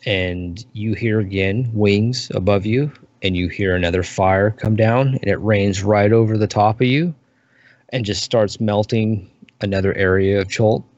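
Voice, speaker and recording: A man narrating as dungeon master, describing scenes in a relaxed, unhurried way. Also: on the low side, no room sound. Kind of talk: narrating a tabletop game. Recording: muffled lo-fi recording.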